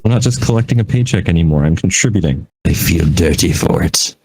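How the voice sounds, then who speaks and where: Brief: low male co-host, animated and rambling, laughs at himself. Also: fairly quick, creaky, breathy edge, low-quality recording. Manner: rambling, laughing, self-deprecating. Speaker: podcast co-host. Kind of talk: casual chat.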